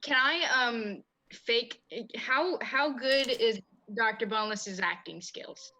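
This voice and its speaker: A woman's voice: fairly high pitch, takes it slowly, sharp tone, a little hiss or hum, rough recording. A woman playing a tabletop game, playful and giggly. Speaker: player. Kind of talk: casual tabletop play.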